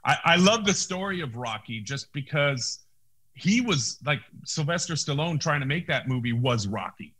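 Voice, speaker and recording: A male actor as an interview guest, telling a story in casual talk, animated, with many restarts and acted-out quotes, on a video call. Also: a little high, normal speed.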